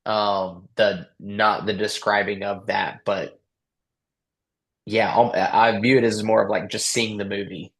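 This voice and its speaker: A man's voice: lowish voice, flat delivery, measured pace, fairly bright tone. A young man being coached, speaking hesitantly with many fillers as he searches for words. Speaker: coaching client.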